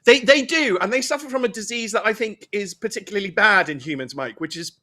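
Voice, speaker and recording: A British man, a barrister guest on a talk show, speaking in a measured way with frequent restarts. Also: high voice, animated, bright, forceful tone. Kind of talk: live discussion.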